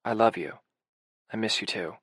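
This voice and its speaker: A man reading an audiobook, voicing a deep-voiced, gentle man who speaks softly with warm, growly tenderness. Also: quick pace, dry recording, studio quality. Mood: tender. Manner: soft, low, tender.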